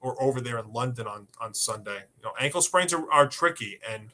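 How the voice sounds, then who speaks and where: A man's voice: mid-range voice, expressive, brisk, sharp tone. A man co-hosting a sports podcast, casually breaking down injuries and betting picks with many fillers.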